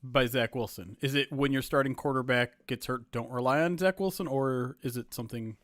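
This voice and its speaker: A man co-hosting a sports podcast, talking in a measured, thoughtful way. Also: medium pitch, a bit bright, dry recording, studio quality. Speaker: podcast co-host. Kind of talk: casual sports podcast chat.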